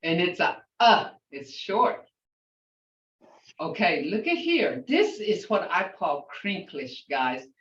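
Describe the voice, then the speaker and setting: An older woman, a language teacher, slowly repeating words so her class can hear how they are pronounced, and talking in an outspoken way. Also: on the low side, big pitch swings, fairly bright tone. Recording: roomy, distant, dull lo-fi sound.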